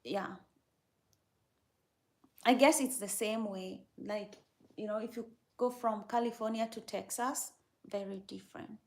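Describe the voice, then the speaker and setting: A woman's voice: medium pitch, fairly even intonation, measured pace, pauses often, a little mellow. A young woman hosting a casual livestream, chatting easily with her viewers and laughing often. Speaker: livestream host.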